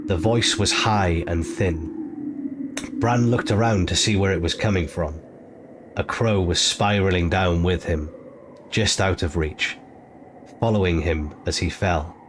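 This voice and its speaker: A man reading an audiobook chapter in a measured, steady narration. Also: low-pitched. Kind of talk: scripted narration. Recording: noisy ambient background.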